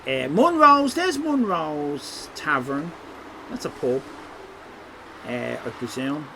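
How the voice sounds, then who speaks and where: A man's voice: on the high side, animated, slow pace, vocal fry, background noise. A man giving rambling, teasing live-stream commentary over a city walk. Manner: jokey, rambling, teasing chat.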